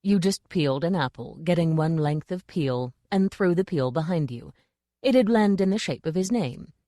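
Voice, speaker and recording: A woman reading a comic fantasy audiobook in an even, dry storytelling delivery on a close mic. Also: lowish voice, normal speed, no echo. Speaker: audiobook narrator. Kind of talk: scripted audiobook narration.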